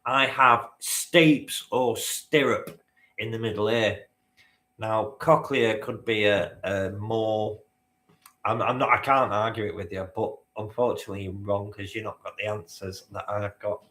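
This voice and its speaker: A man's voice: lowish voice, steady tone, unhurried, a bit bright, roomy sound. A man hosting a live-stream quiz, bantering with the chat and swearing now and then. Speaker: quizmaster.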